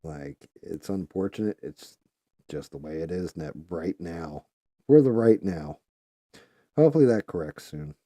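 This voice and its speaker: A man's voice: low-pitched, animated, a little slow, dark tone, no room sound. A man hosting a live stream, talking bluntly and profanely in casual chat. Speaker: live show host.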